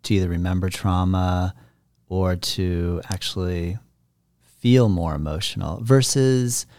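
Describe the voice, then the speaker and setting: Male host, slow thoughtful questioner, low dark voice, dry recording. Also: no room sound. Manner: unhurried, thoughtful questions, frequent agreeing murmurs. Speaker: interviewer, host. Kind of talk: conversational interview.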